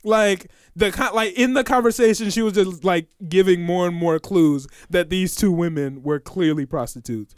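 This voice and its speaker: A young man telling a funny story to a friend in casual chat, animated and often laughing. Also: high voice, normal speed, hardly any pauses, clean tone, dry recording, studio quality. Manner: animated, laughing, swearing, acts out quoted voices.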